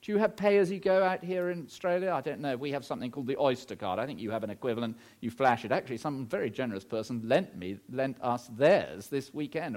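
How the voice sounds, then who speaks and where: A middle-aged man delivers a sermon. He preaches emphatically, asking rhetorical questions, and his mid-range voice swings up and down as he stresses his points. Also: mid-range voice.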